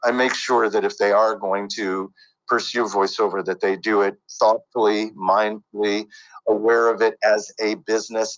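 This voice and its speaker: Low-voiced male voice actor chatting. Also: rough recording. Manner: rambling, with many fillers and restarts. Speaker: voice actor and coach. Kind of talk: casual interview chat.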